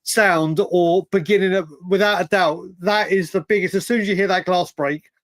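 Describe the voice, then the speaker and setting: A man hosting a casual livestream chat, excitable, often laughing and repeating himself. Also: high voice, normal speed, no echo. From United Kingdom. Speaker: livestream host.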